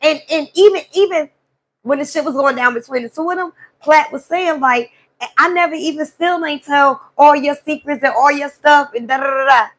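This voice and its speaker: High-voiced woman venting. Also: moderate pace. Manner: animated, profane storytelling to a live chat. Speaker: live stream host. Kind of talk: casual venting monologue.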